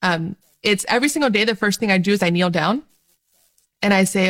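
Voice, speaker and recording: A woman giving a faith-sharing talk to camera as a Catholic youth minister. She speaks with joy and energy and laughs often. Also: fairly quick. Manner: joyful and animated, laughs often, bright rises in pitch.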